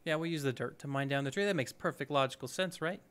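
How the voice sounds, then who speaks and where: A man hosting a let's play, talking through his moves in an upbeat, chatty way and thinking aloud. His voice sits a little high and is smooth and clear. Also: quick pace, fairly bright tone. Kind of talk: casual gameplay commentary.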